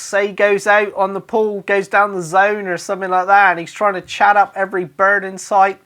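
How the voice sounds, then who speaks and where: Cornish bloke, dj, reading out funny local sayings all jokey, shouts the dialect bits. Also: male voice, high voice, little pitch movement, moderate pace, few pauses. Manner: jokey, bursts into loud exaggerated dialect phrases. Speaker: radio DJ. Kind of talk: comic monologue reading out followers' sayings.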